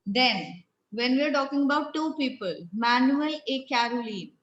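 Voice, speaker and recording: A woman teaches a French class, patiently questioning her pupils and calling them beta. Her voice sits a little high and rings in an echoey classroom. The recording sounds dull and lo-fi. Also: moderate pace, fairly bright tone. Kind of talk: classroom lesson.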